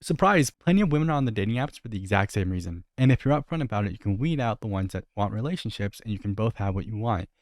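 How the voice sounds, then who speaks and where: A man's voice: on the low side, expressive, fast talker, hardly any pauses, no echo, clean studio sound. A young man giving casual reaction commentary, critical and incredulous as he talks through a video.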